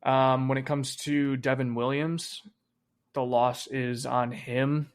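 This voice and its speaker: Gravelly man in casual sports chat. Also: mid-range voice, level tone, takes it slowly. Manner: casual, swears freely, trails off with fillers. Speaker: podcast co-host.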